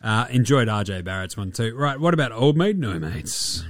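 A man's voice: mid-range voice, sing-song, moderate pace, soft background music. An Australian man hosting a basketball podcast, chatting casually in a jokey, rambling way with plenty of swearing. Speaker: podcast host.

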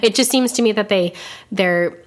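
A woman co-hosts a podcast at a moderate pace in a medium-pitched voice. She chats casually and sarcastically, using many fillers.

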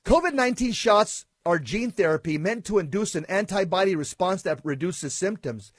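A man reading prepared commentary on a talk show in a deliberate, indignant way. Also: high-pitched, lively intonation, breathy edge, dry recording, clean studio sound.

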